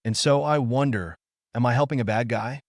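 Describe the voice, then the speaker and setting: A man's voice: mid-range voice, moderate pace, no echo, studio quality, close to an everyday voice. A man voicing a brash, crude young man who taunts and curses. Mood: taunting.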